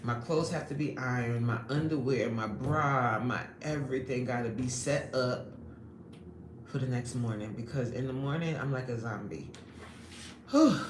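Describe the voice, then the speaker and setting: A woman with a bass voice runs a casual live stream at normal speed, reading chat, greeting viewers by name and laughing often in animated conversation. The audio is reverberant, with background noise.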